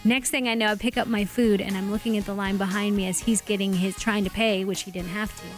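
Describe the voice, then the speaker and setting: A woman guest sharing a personal faith testimony in a lively, expressive storytelling manner. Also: mid-range voice, quick pace, soft background music. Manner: animated, acts out quotes.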